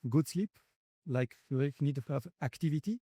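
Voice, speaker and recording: A man with a French accent and a mellow, soft-edged tone, speaking English as a second language. He answers interview questions slowly and haltingly, pausing often to find his words. The recording is close and dry, with little room sound. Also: fairly high pitch, animated, slightly rough, no room sound. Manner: halting, searching for words with many pauses. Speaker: company founder and guest. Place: conference venue.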